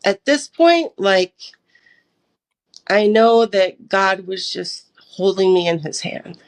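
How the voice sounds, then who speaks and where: A woman's voice: medium pitch, lively intonation, slow. A young woman from the United States sharing a personal testimony as an interview guest, acting out her own past dialogue as she tells it. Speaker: podcast guest.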